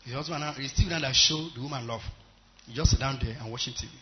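A man preaching a sermon with a Nigerian English accent, swinging between loud exhortation and quiet storytelling, in a church service. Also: mid-range voice, very fast, a little hiss or hum. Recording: muffled recording.

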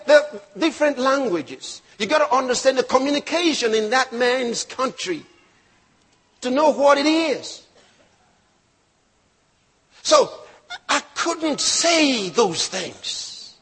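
High, husky-voiced preacher man. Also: animated, slow pace, pauses often. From not raised locally; born in another country. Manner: emphatic preaching with shouted peaks and quoted voices. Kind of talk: sermon.

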